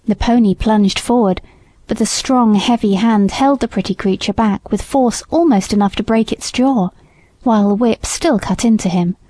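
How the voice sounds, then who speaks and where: Mellow woman narrating an audiobook. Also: medium pitch, normal speed, dry recording. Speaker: audiobook reader. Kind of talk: scripted narration.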